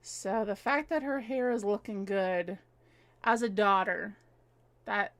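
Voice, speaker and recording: A woman's voice: mid-range voice, takes it slowly, fairly bright tone. A woman in her thirties hosting a live stream from her home, chatting casually, answering viewer comments and laughing often.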